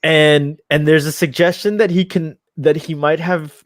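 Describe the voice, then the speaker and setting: A man's voice: a little high, steady tone, unhurried, dry recording, studio quality. A man hosting a casual live-stream chat, talking like an eager fan who laughs often. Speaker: show host.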